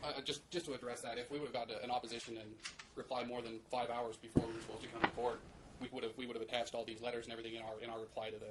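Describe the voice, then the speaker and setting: A man attorney addresses the judge in a courtroom, urgent and repeating himself as he pushes his argument. He talks quickly in a flat, level tone. The courtroom recording carries clear background noise. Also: medium pitch. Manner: urgent, repeats words when pressing a point. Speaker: attorney for the plaintiff.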